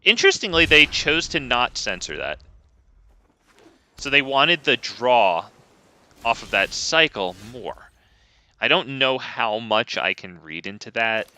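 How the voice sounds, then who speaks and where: A man's voice: mid-range voice, sing-song, unhurried, long pauses, pushed and bright. A young man giving casual, wry gameplay commentary with lots of ums, close to a desk mic.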